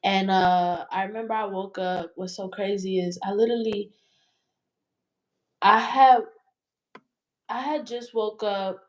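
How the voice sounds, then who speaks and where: A woman's voice: medium pitch, steady tone, unhurried, long pauses. A woman telling a personal story as an interview guest, in a candid, rambling way that swears freely.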